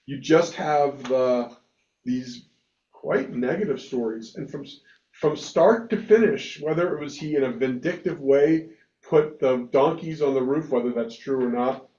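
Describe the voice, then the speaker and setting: Animated rabbi in an echoey room. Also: male voice, mid-range voice, measured pace. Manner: animated, emphatic, many restarts. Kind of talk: casual discussion. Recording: echoey room, dull lo-fi sound.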